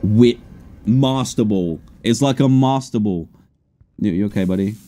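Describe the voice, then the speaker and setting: A man giving excitable let's play commentary on a horror game, with sudden high yelps. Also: unhurried. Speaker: gaming streamer.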